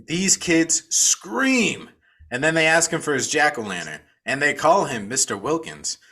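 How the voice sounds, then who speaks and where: A man's voice: a little high, sing-song, a little slow, sharp tone, slightly rough. A man co-hosting a podcast, recapping a film in a casual, profane storytelling way. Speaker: podcast co-host.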